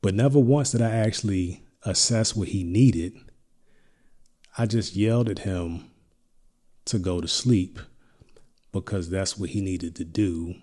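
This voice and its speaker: A middle-aged man hosting a podcast, telling a personal story in a reflective, halting way with many restarts. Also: low voice, dark tone. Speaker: podcast host.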